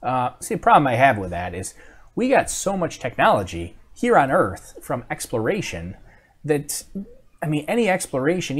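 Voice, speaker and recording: A man's voice: medium pitch, breathy edge. A man hosting a live stream, chatting casually and reading viewer comments, rambling with many fillers and restarts.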